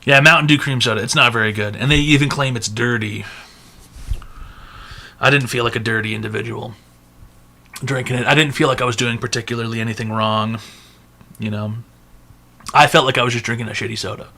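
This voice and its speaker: A man's voice: medium pitch, steady tone, fairly quick, pauses often, sharp tone. A man hosting an online advice show in casual livestream chat, blunt and full of crude jokes.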